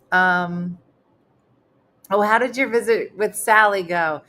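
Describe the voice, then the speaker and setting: Her voice is medium-pitched and a bit bright, moving slowly with long pauses. This middle-aged comedian hosts a laid-back online chat show, spinning filler-heavy stories like a chatty live-streamer.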